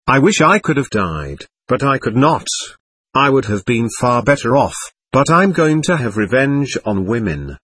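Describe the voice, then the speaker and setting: A man's voice: mid-range voice, big pitch swings, measured pace, a bit bright, slightly rough, no room sound, studio quality, full character voice. A man reading a spiteful jealous ghost. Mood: resentful. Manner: spiteful, stubborn, accusing. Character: bitter jealous male ghost, a young man.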